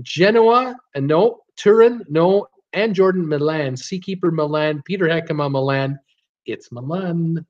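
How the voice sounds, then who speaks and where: A man's voice: fairly high pitch, muffled recording. Chatty man hosting a live trivia stream. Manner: chatty, filler-heavy, chuckles at his own jokes. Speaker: trivia quiz host. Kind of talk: live-stream trivia reading viewer answers.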